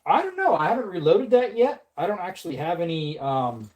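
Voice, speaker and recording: A woman's voice: lowish voice, big pitch swings, a little fast, a little mellow. A woman chatting casually on a livestream while reloading ammunition, playful and laughing often. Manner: playful, laughs often, slips into silly voices.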